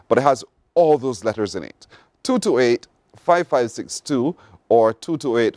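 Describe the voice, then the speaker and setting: A man's voice: medium pitch, no room sound. A Barbadian man hosting a morning show, running a playful call-in word game and reading the news. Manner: lively, playful, drawn-out teasing delivery.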